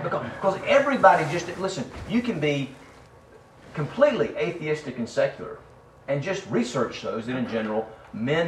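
A man preaching a sermon as pastor, animated, swinging between loud emphasis and quiet asides. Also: mid-range voice. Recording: roomy sound from a distant mic with faint room noise.

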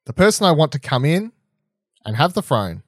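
A young man chatting casually as a podcast co-host, rambling and animated, swearing freely and restarting often. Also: fairly high pitch, normal speed, no echo, clean studio sound. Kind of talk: casual chat, TV episode predictions.

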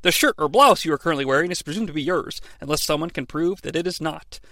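A man with a high, bright voice tells the story with heavy sarcasm and the odd swear word. His sound is dry and close, with no room around it. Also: fast, no echo. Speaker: podcast host recapping wrestling. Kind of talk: comedic recap with quoted impressions.

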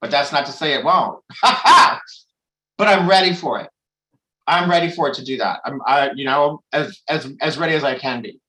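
A man with a fairly high, bright, forceful voice gives an open personal share at a support meeting. He rambles and restarts his sentences, swears freely and talks frankly about emotional things. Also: normal speed, rough recording. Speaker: member sharing at a recovery meeting.

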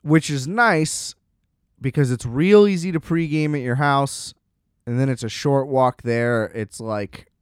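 A man's voice: mid-range voice, measured pace, clear, resonant tone, no room sound, studio quality. A man casually telling a rambling, self-deprecating story, often laughing at himself.

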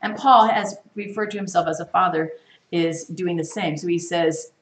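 A woman's voice: on the low side, normal speed, slight background noise. Woman teaching bible study, emphatic, keeps asking the room questions, sounds far off the mic in a roomy church.

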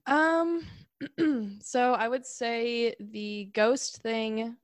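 A woman musician appearing as a podcast guest, talking in a relaxed way with hesitant fillers and easy laughs. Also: fairly high pitch, very slow, dry recording. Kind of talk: casual podcast interview.

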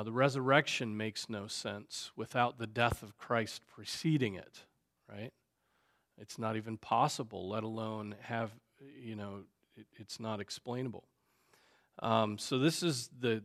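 A man, a pastor, teaching a Sunday school class in a conversational way, often stopping to ask "right?" and filling pauses with "um" and "you know". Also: lowish voice. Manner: conversational, many fillers and tag questions. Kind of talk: unscripted Bible class teaching.

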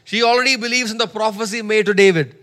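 A high-voiced male preacher delivers a sermon with emphasis. He repeats key phrases and calls on listeners to say words back to him. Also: fast, fairly bright tone. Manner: emphatic, repeats lines, calls for audience response.

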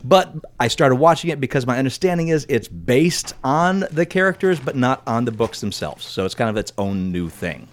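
A man's voice: mid-range voice, big pitch swings, normal speed, few pauses, slight background noise. A man hosting a podcast in casual chat, talking about his week with enthusiasm and often restarting his sentences. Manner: chatty, enthusiastic, stumbles and restarts as he talks. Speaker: podcast host.

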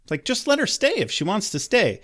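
A male podcast co-host recaps a TV episode in loose, sarcastic chat, cursing freely. His voice sits a bit high and swings widely in pitch. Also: brisk. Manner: animated, sarcastic, swears freely.

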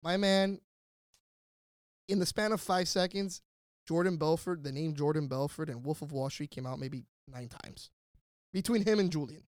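Speaking at a moderate pace, this man hosts a podcast and spins a story in relaxed chat, voicing the quotes with lively energy. His voice runs somewhat high, and the studio sound is clean with no room tone.

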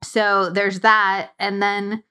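A woman's voice: mid-range voice, level tone, slow pace, bright, forceful tone, clean tone. Young woman, podcast host, casual chat, thoughtful, filler words, studio mic. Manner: chatty, reflective, many fillers. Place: recording studio. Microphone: studio microphone.

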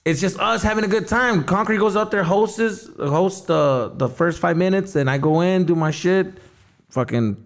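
A man, a stand-up comedian, chatting as a podcast guest in a loose, profane, slangy way. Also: high voice. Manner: fast, profane, slangy storytelling. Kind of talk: casual podcast chat.

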